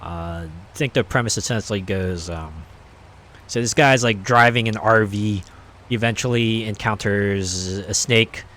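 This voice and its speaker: A man's voice: lowish voice, unhurried, a bit bright, slight background noise. A man streaming a game, chatting casually in a rambling, hesitant way with many fillers. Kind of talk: casual chat while playing.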